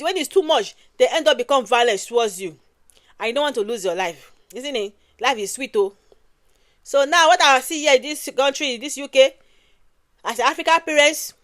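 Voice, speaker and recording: A woman with a Nigerian accent talks in a high voice, emphatic and repetitive, often tagging her lines with "oh". The sound is dry and close, with no room around it. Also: fairly bright tone, dry recording. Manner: emphatic, repeats phrases and ends with "oh". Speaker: commentator. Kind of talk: casual commentary.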